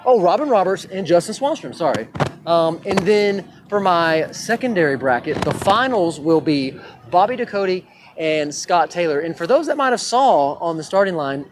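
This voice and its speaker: A man's voice: high-pitched, very animated, normal speed, slight background noise. Joking man hosting a drag race. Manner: joking, chatty, with loose fillers. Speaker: livestream host. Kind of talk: casual live event hosting. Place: outdoor drag strip. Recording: echoey outdoor track with crowd. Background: crowd at a race track.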